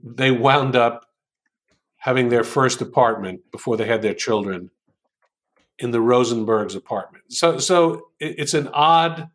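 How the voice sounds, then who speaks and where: Brief: man from New York, guest in an interview, unhurried speaker who muses aloud with frequent fillers, mid-pitched voice. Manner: unhurried storytelling with many ums. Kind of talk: interview conversation.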